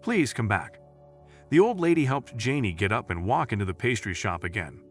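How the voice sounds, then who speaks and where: A man narrating a scripted story in a lively storytelling way. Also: lowish voice, fairly quick, faint music behind.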